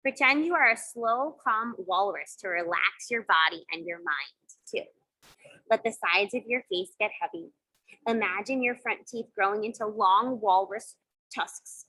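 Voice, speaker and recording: A woman leading children through yoga poses and breathing games, giving gentle, encouraging instructions with playful sound effects. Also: on the high side, lively intonation, unhurried, husky, low-quality recording. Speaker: kids yoga teacher. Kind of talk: guided kids yoga and mindfulness.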